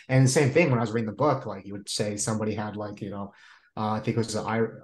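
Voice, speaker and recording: A man's voice: mid-range voice, steady tone, fast talker. A man, a Marine veteran on a podcast, chiming in eagerly in a friendly, conversational way. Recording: echoey room.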